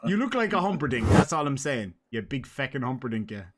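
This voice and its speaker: A man's voice: mid-range voice, big pitch swings, brisk, heavy background noise. A man with an Irish accent hosting a casual live stream, chatting and joking with his guest and viewers.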